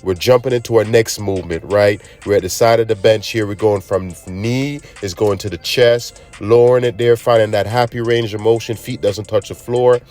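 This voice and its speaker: A man's voice: fairly low pitch, fairly even intonation, normal speed, hardly any pauses, darkish tone. A man giving a laid-back workout lesson, congested from allergies and often tagging lines with "man" and "all right?". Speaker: fitness trainer. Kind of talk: casual workout instruction.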